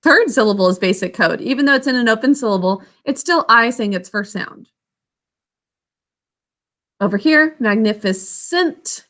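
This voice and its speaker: A woman teaching a children's spelling lesson, sounding out words letter by letter and syllable by syllable in a slow, patient way. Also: a little high, bright, forceful tone. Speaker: literacy teacher.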